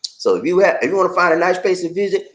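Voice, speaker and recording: Gullah geechee guy from charleston vlogging, kinda high voice, jokey and loud, says man a lot. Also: quick pace, slight background noise. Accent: Gullah Geechee, South Carolina Lowcountry. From Charleston, South Carolina. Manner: animated, laughing, repeats slang like "man" and "baby". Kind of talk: casual chat to camera. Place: Philippines.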